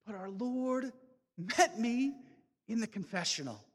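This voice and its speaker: A man delivers a fervent testimony, preacher-style, rising to loud calls. His voice sits high and swings widely, and his slow, deliberate delivery carries a long reverb from the large hall. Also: very animated. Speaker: speaker giving a testimony talk. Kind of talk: impassioned testimony talk.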